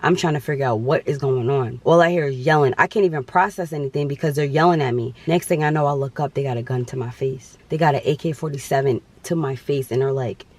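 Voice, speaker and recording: A man's voice: mid-range voice, fast talker, hardly any pauses. A young man telling a dramatic personal story on his vlog, with emphatic repetition. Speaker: vlogger.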